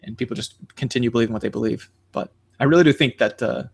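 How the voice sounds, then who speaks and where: A man co-hosting a podcast in casual chat, rambling with many fillers and animated quoting. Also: medium pitch, quick pace, vocal fry, husky. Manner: animated, jumps into quoting others. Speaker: podcast co-host.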